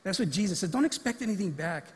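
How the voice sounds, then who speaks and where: A man's voice: sits high, expressive, fast, husky. A man pastor giving a conversational sermon in a church sanctuary and acting out short quotes as he goes. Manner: conversational preaching that acts out quotes. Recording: long reverb of a large hall.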